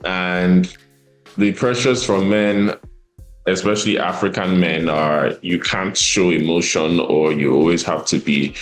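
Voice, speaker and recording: Deep-voiced Nigerian man in a roomy studio. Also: measured pace, soft background music. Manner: open, animated, mimics others' voices. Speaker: podcast guest. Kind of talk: candid conversation.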